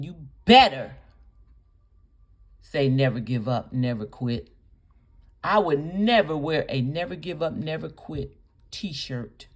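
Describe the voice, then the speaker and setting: A woman hosting a reaction video, scolding indignantly, piling up rhetorical questions and repeating her points for emphasis. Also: low voice. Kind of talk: reaction commentary.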